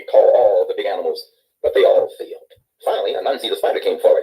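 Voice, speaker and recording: A man reading a children's picture book aloud in an expressive, animated storyteller's way. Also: low-pitched, fast talker, soft background music, rough recording.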